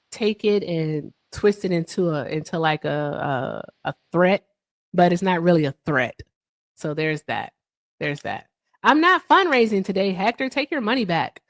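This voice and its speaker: A woman's voice: lowish voice, dry recording, studio quality. A woman hosting a casual livestream, chatting with guests and viewers, laughing often and trailing off. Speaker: livestream host.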